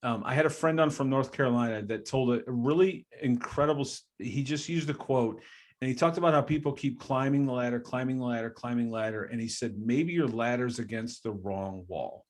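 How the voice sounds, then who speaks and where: A man hosts a podcast and closes out an interview. He thanks his guest effusively and laughs easily, his voice sitting at an everyday mid pitch. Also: brisk. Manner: effusive, grateful, laughs often. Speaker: podcast host. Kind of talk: casual interview wrap-up. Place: from Columbus area.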